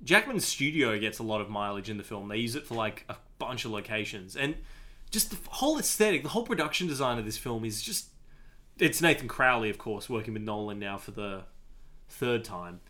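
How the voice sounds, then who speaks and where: A man co-hosting a casual film podcast, talking in an animated, enthusiastic way with frequent fillers. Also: lowish voice, brisk. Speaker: podcast co-host.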